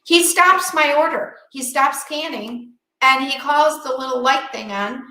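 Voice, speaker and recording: Animated storytelling woman, bright voice. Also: sits high, roomy sound, poor audio. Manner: animated, quick storytelling with acted-out quotes. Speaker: podcast co-host. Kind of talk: casual chat, storytelling.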